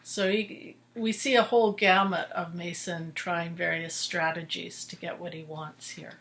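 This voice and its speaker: A woman's voice: lowish voice, fairly even intonation, a little slow, a bit bright. A woman co-hosting a podcast, discussing soap opera episodes in an engaged, analytical way. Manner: engaged, analytical, backchannels often. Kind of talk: casual chat.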